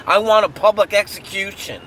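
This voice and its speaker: Man, angry vlog rant, profane and repetitive, fairly high voice, faint street noise behind. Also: steady tone, a little fast, pushed and bright. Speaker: vlogger. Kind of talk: angry true-crime rant.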